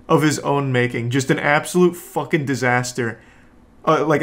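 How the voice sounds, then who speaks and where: A man hosting a reaction video, reacting in casual commentary with incredulous, profane ranting. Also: mid-range voice.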